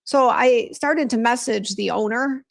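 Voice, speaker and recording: Speaking a little slowly, this woman has a higher voice with noticeable vocal fry. She runs a beauty brand and is casually livestreaming, reading viewer comments, greeting fans by name, and griping about a bad hair appointment, often restarting and using fillers.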